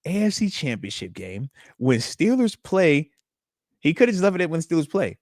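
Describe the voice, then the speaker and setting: Male live-stream host in his thirties, slangy and teasing, high voice, dry close sound. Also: normal speed, no room sound. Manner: animated, slangy, teasing, says man a lot. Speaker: live show host, retired football player. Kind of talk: casual live-stream chat reading comments.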